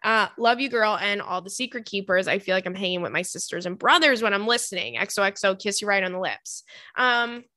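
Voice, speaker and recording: A woman's voice: mid-range voice, fairly quick, pushed and bright, no room sound, clean studio sound. A young woman hosting a casual show, reading listener letters aloud and giving chatty, profane advice. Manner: chatty, swears casually, shrieks and laughs. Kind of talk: casual chat.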